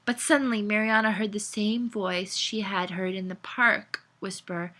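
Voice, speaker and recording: A woman's voice: medium pitch, steady tone, normal speed, hardly any pauses, sharp tone. A tipsy woman reading her own story aloud with a giggly, loose delivery.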